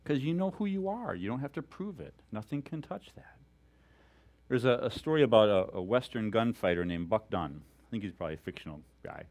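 A male pastor giving a sermon in an animated, storytelling way, chuckling often as he talks. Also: on the low side, brisk.

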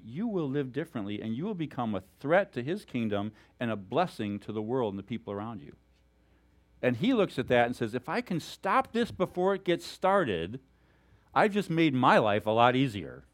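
Man, pastor, sermon, animated storytelling, chuckles a lot, lively pitch.

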